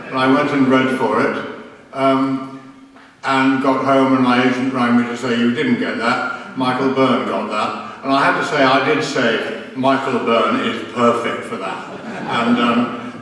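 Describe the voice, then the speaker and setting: A man's voice: mid-range voice, a bit bright, slight background noise. An older man telling anecdotes on a convention panel, hesitant with many ums and self-deprecating humor. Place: large convention hall. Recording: echoey hall from far off.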